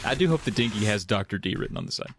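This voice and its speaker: A man's voice: on the low side, animated, racing. A man co-hosting a comedic podcast, playfully riffing and reading a book aloud. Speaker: podcast co-host.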